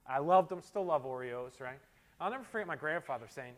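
Middle-aged male pastor, high voice, conversational sermon with punchy exhortations. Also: expressive, quick pace. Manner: conversational preaching, swinging between quiet asides and forceful exhortations.

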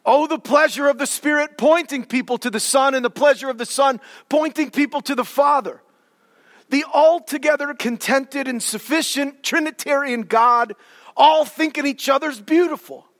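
A male pastor preaching a sermon in an animated, joking way, with sudden dramatic swings in volume. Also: very high voice, moderate pace, in a large hall.

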